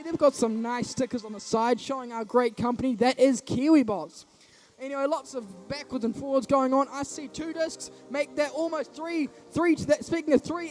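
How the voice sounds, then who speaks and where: A young man commentating a live robotics match, jokey and rambling with quick quips. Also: very high voice, darkish tone. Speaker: event commentator.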